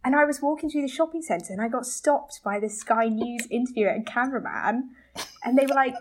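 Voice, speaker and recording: A woman's voice: fairly high pitch, brisk. A young woman, a guest, chatting and storytelling with lots of laughter. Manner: giggly, animated storytelling. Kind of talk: casual chat.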